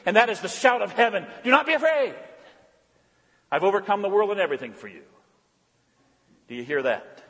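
A man preaching a sermon in a church, swinging between loud proclamations and hushed, intense passages. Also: medium pitch, breathy edge. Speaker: pastor. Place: church sanctuary. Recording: long church hall reverb.

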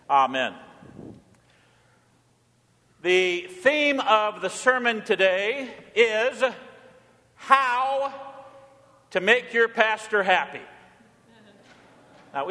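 A man's voice: sits high, pushed and bright. A man preaching a sermon as pastor in a church, jovial and teasing, with rhythmic emphasis. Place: church sanctuary. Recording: reverberant church hall.

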